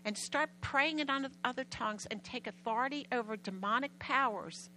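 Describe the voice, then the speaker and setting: Bright-voiced woman preaching emphatically. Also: on the high side, brisk, a little hiss or hum, rough recording. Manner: animated, emphatic, loud storytelling. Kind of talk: sermon storytelling.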